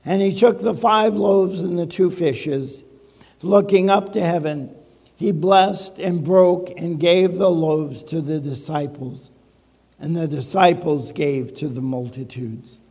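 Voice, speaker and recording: In a church sanctuary with a long reverb, an older male pastor preaches a sermon at a slow pace, drawing out words with dramatic pauses and wry, joking storytelling. His voice sits high for a man, creaky, slightly rough, and darkish in tone.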